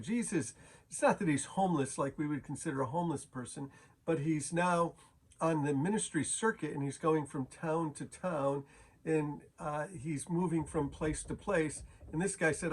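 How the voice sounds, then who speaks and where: A man's voice: a little high, normal speed. A man teaching a daily Bible chapter as a pastor, casual and conversational, with frequent fillers and restarts.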